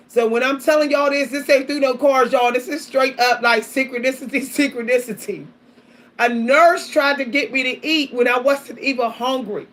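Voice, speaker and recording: A woman's voice: high voice, moderate pace, fairly bright tone. A woman vlogger talking casually and animatedly to her viewers, often repeating herself, calling out to them and laughing between points. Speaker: spiritual vlogger.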